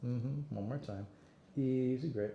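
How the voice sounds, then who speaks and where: A man's voice: medium pitch, a little slow, creaky, lo-fi sound. Encouraging male fitness instructor, roomy echo. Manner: encouraging, counts reps, frequent praise. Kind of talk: guided exercise class cueing. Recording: roomy echo, faint room noise.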